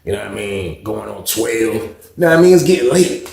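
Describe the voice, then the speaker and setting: A young man casually telling a story in an animated, profane, conversational way. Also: fairly low pitch, a little fast, gravelly. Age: young adult. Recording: roomy echo.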